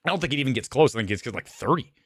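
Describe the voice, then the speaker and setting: A man's voice: mid-range voice, animated, rapid-fire, a bit bright, breathy edge, dry recording, clean studio sound. A man ranting angrily as he reviews a film live, repetitive and heated, saying he is shaking with anger. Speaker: movie reviewer.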